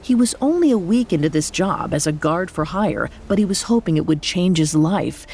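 A woman narrating a scripted horror story in a measured, deliberate way. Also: fairly low pitch, lively intonation, dark tone, slight background noise. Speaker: podcast storyteller.

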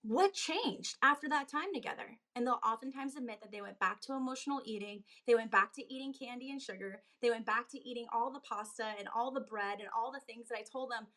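A woman's voice: quick pace, few pauses, fairly bright tone. A woman fitness coach giving an emphatic motivational talk on a live stream, building to urgent, pressing delivery. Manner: emphatic, rising to pitched urgency. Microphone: phone on a live video.

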